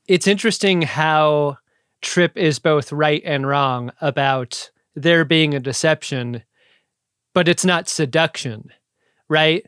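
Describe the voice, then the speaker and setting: A man chats as a podcast co-host, his voice sitting a touch high. He talks in an animated, jokey way and drops into quick impressions. The sound is dry and close, with no room around it. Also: smooth, no room sound. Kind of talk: casual chat.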